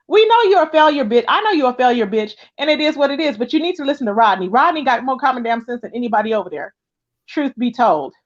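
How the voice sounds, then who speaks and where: A woman hosting a livestream in brash, profane gossip chat, her voice jumping up high when outraged. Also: muffled recording. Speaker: livestream host.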